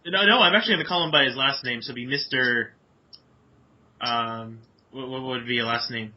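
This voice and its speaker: A man's voice: medium pitch, fairly quick. Rambling man describing his character's actions. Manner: rambling, self-correcting. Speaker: player. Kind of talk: casual in-game talk. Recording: dull lo-fi audio.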